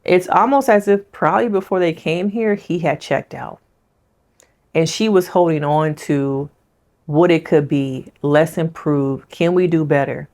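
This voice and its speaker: Woman therapist hosting a casual show recap, slightly low voice, chatty and direct with her audience. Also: a little slow, darkish tone. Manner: chatty, addresses viewers directly. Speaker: licensed therapist.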